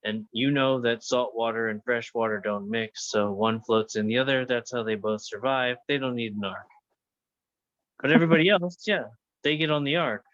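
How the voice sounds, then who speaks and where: A man's voice: mid-range voice, moderate pace, fairly bright tone, dry recording. A man casually chatting as co-host of a study hangout, playful and joking. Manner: playful, jokes and puts on silly voices. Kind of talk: casual chat. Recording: dull, muffled dry audio.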